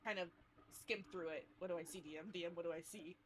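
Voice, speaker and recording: A woman's voice: lowish voice, fairly even intonation, fast talker, a little hiss or hum. A woman playing a tabletop game, playful and loose in casual chat. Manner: playful, laughs at her own rolls. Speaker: player.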